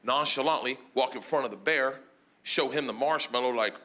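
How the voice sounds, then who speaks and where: A man voicing a calm, matter-of-fact male animal trainer who gives deadpan instructions. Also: mid-range voice, moderate pace, noisy background, pitched below the performer's own voice, natural voice. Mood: instructing.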